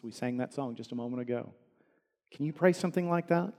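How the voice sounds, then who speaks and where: A male pastor delivering a sermon in an earnest voice that sits a little high for a man. He swings from emphatic, ringing peaks to quiet, hushed lines. A long hall reverb trails each phrase. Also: fairly quick, pauses often. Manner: earnest, rising to emphatic peaks then dropping soft.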